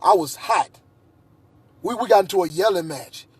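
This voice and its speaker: A man's voice: high-pitched, animated, moderate pace, husky, no echo. A man in a heated personal monologue, agitated and repeating himself. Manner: agitated, repetitive, restarts often. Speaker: vlogger.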